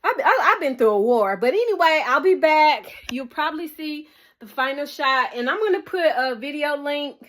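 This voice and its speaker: A woman's voice: high-pitched, expressive, normal speed, fairly bright tone. Chatty woman vlogging from her closet. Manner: chatty, laughs often, keeps calling viewers "y'all". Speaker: DIY home vlogger. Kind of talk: casual vlog chat to viewers. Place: small indoor walk-in closet at home. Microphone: camera on a selfie stick or mini tripod.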